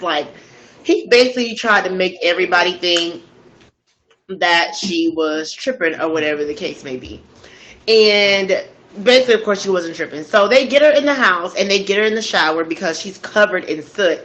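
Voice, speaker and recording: A woman's voice: on the low side, expressive, moderate pace, a bit bright, low-quality recording. A woman casually recapping a true-crime story while eating, in a slangy, conversational way. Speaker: storytelling host.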